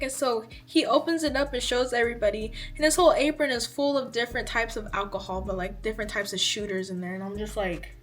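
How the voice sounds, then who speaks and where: Expressive young woman telling a story. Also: fairly high pitch, fast talker, faint music behind. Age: 20s. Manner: expressive, acts out her own reactions. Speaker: vlogger. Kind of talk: casual storytime chat.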